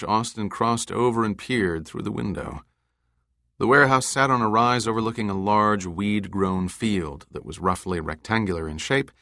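A man with a low, deep voice narrates an audiobook in a measured, deliberate way. His tone is bright and forceful, and the recording is close and dry with no room sound. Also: dry recording.

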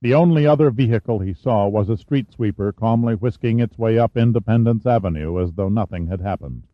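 A man reading a thriller audiobook in a steady, measured narration. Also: fairly low pitch, dry recording. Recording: dull dry studio recording.

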